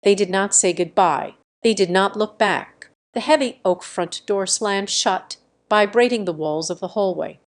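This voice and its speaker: Woman narrating a story, measured. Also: medium pitch. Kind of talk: scripted narration.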